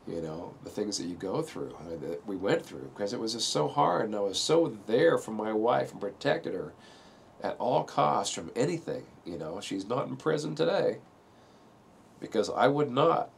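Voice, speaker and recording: A man's voice: on the low side, vocal fry, a little hiss or hum. A middle-aged man telling a painful personal story in a rambling way, often saying "you know" and straining not to break down. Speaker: video speaker sharing a personal story. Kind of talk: emotional personal monologue.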